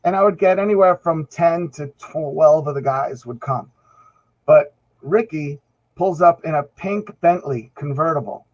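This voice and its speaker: A slightly high-voiced man speaks at a measured pace on a dull-sounding recording. He's a band musician guesting on a podcast, spinning rambling stories in casual conversation and acting out the quotes.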